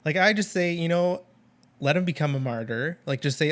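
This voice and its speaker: A man co-hosting a casual TV recap chat, talking in a relaxed, halting way. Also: on the high side. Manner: laid-back, halting, many fillers and restarts. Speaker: podcast co-host.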